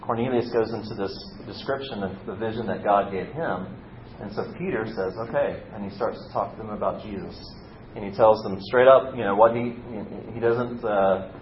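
A man's voice: fairly even intonation, a little fast. A man preaching a casual, conversational sermon, telling a story and lightly acting out the quotes. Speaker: pastor. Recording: roomy, slightly dull recording with faint rumble.

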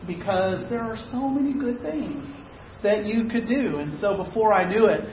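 A male preacher tells a personal story in a conversational, self-deprecating way as part of his sermon. His high voice is animated with lively intonation at a moderate pace, recorded in an echoey, dull-sounding room with slight hiss or hum.

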